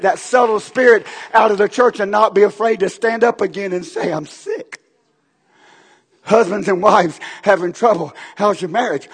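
A preacher delivers an impassioned sermon, his voice climbing into shouted bursts. He speaks unusually high for a man, with a gravelly, husky edge. The sound rings out with the long reverb of a church sanctuary. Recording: long echoing hall reverb.

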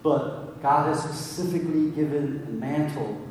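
A man's voice: a little high, measured pace, a little mellow, slight background noise. A man preaching a sermon in a casual storytelling way, full of fillers, in a large church hall. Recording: echoey hall from far off.

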